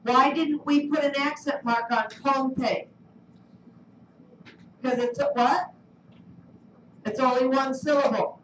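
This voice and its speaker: A woman's voice: high voice, steady tone, takes it slowly, pauses often, slight background noise. A woman teaching a Spanish lesson in a classroom, coaxing and quizzing her students. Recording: roomy, distant, dull classroom recording.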